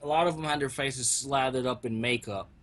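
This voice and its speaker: A man with an ordinary pitch chats through a wrestling review with his co-host. He drops in dry, wry asides and calmly corrects his partner. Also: brisk. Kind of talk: casual review chat.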